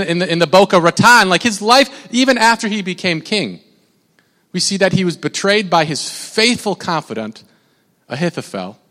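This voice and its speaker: A man's voice: sits high, pushed and bright. A man preaching a sermon as a pastor, talking in a loose, conversational way with frequent restarts. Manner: conversational and rambling, with many restarts. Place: church sanctuary. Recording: long reverb of a large church hall.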